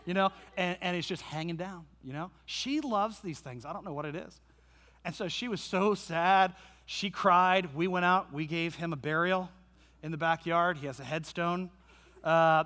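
A male pastor preaching a sermon with animated, humorous storytelling. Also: high-pitched, in a large hall.

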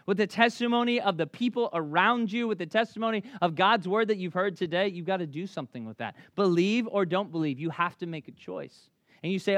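High-pitched and recorded dry, a Memphis, Tennessee pastor in his thirties delivers a conversational sermon. His strong Southern accent carries animated stories that he often restarts quickly.

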